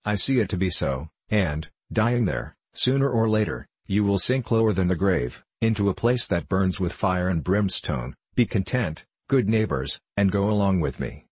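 Earnest troubled pilgrim in an audiobook read by a man: deep husky voice, solemn and pleading. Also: expressive, normal speed, few pauses, a little mellow, no echo. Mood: resolute. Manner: solemn, pleading old-fashioned speech. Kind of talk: storybook reading.

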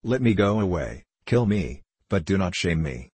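A man's voice: low-pitched, sing-song, normal speed, a little mellow, husky, no echo, full character voice. A man voicing a terrified middle-aged lady who begs faintly. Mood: begging. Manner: faint, begging.

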